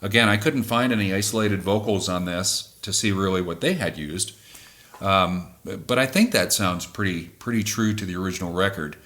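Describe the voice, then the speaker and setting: Male band singer, lower register, measured and self-correcting explainer. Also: a bit bright. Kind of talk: explaining music production.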